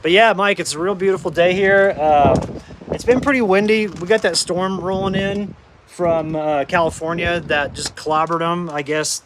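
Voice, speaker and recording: A man's voice: sits high, steady tone, moderate pace. A man hosting a casual live stream from his rural off-grid property, easygoing and greeting viewers by name as brother. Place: outdoors on windy rural property and inside a camper. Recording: windy outdoor phone audio with gusts. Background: wind noise.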